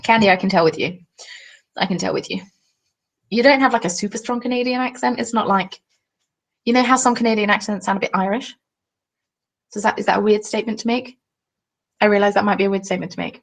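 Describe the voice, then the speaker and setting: A young woman chats casually on a crafting live stream, answering viewers' comments as they come in. Her voice has a gravelly, fry-tinged texture at a middling pitch. She talks in a chatty, self-deprecating way, often apologizing. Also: fast, long pauses, rough recording. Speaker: crafting livestream host.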